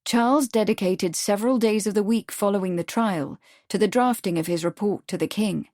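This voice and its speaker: A woman narrating an audiobook in a steady, even storytelling manner. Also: mid-range voice, fairly quick, dry recording, studio quality. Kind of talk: scripted narration.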